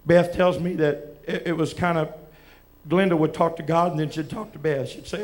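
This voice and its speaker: A man with a Southern US accent, preaching as he tells a halting, emotional testimony with many restarts. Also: fairly high pitch, steady tone, darkish tone. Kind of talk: testimony from the pulpit.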